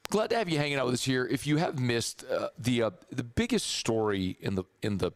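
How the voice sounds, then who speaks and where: A hoarse man with a Southern accent hosting a sports radio show, chatty and rambling. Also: medium pitch, big pitch swings, brisk. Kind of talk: casual sports radio talk. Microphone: studio microphone.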